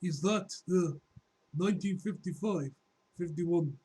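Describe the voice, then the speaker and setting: A man voicing a sly, mocking Russian man from a comic book, in a put-on Russian accent with a slow, hammy read. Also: high voice, warm tone, a little hiss or hum, rough recording.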